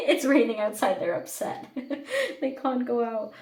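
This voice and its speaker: A woman's voice: fairly high pitch, big pitch swings, slow pace. Chatty woman reading tarot, roomy sound. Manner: chatty and rambling, heavy use of "like". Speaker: tarot reader. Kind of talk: casual pick-a-card tarot reading to camera. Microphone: camera mic.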